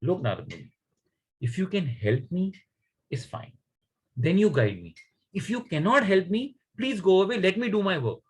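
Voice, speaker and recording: A man's voice: sits high, very animated, normal speed, husky, voice pushed up, heavily acted. A man voicing a determined five-year-old prince.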